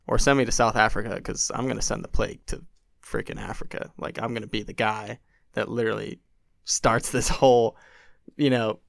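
A young man spins a long anecdote in a low, gravelly voice that sits close and dry to the mic. He keeps it loose and animated, dropping in plenty of "like" and doing little voices for the people he quotes. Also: fast talker, few pauses, no room sound. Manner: animated, acts out quotes, many "like" fillers. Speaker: podcast guest. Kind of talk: casual storytelling.

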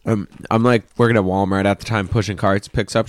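A man's voice: fairly low pitch, steady tone, fairly quick, few pauses, no echo. Swearing, story-telling man on a podcast. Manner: swearing storyteller, acts out voices in stories. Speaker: podcast co-host. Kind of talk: casual chat.

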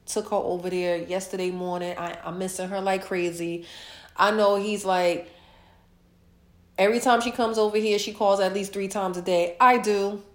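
A woman hosting her own podcast, chatting casually and warmly about her week, stuffed up from a sinus infection. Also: mid-range voice, roomy sound. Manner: chatty, repetitive, heartfelt. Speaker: podcast host. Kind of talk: casual solo podcast chat.

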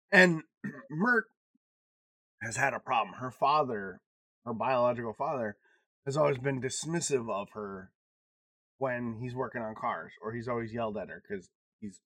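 A man's voice: medium pitch, moderate pace, no echo. A man co-hosting a podcast, telling stories in casual chat with lots of swearing and laughter. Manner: animated storytelling, swearing, laughing often, big swings in loudness. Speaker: podcast co-host.

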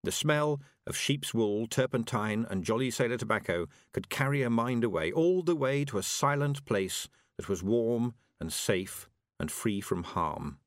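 A man narrating an audiobook with expressive storytelling. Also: mid-range voice, unhurried, dry recording, clean studio sound. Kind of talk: scripted narration.

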